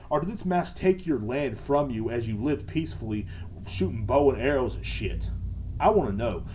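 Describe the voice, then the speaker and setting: A man's voice: mid-range voice, lively intonation, brisk, warm tone. Sarcastic, profane man ranting solo. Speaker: podcast host. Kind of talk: ranting solo podcast monologue. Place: at home, sitting indoors.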